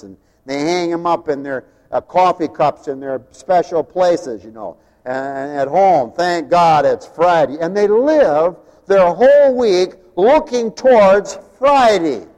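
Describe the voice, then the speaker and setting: Animated high-voiced preacher in a reverberant hall. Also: male voice, unhurried. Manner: animated, mocking, wide swings in loudness. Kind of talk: sermon.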